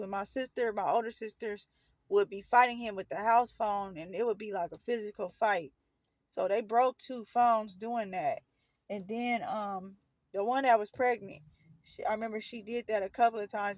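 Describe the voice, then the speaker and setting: A storyteller vlogger, a woman with a slightly high voice, casually tells a painful personal story with no echo around her. She rambles and keeps correcting herself, retelling it earnestly.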